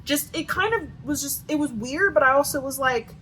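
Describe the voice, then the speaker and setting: A woman's voice: high voice, moderate pace, crowd noise, low-quality recording. A woman with a Southern US accent giving a sarcastic, profanity-filled book review rant with lots of "like" fillers. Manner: sarcastic, swears a lot, many "like" fillers.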